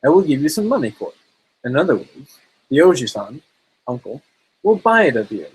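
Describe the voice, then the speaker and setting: A man doing a gentle kindly fisherman. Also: mid-range voice, very animated, normal speed, husky, poor audio. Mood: coaxing. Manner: gentle, coaxing. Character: kind gentle young fisherman.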